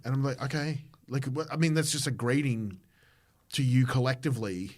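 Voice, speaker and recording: A man's voice: medium pitch, a little fast. Rambling Australian man telling stories. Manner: rambling anecdotes with restarts and mimicked voices. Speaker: podcast host and comedian. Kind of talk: casual chat, storytelling.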